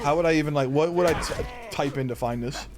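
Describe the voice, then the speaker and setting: A young man live-streaming a game, rambling and swearing, breaking into high-pitched yells when frustrated. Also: quick pace, music in the background. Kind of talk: casual live-stream chat while gaming.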